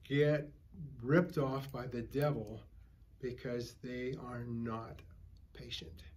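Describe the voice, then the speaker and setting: A man's voice: medium pitch, steady tone, takes it slowly, darkish tone. An older man preaching at a Bible study, a folksy pastor who tells stories and calls for amens from the group. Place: church.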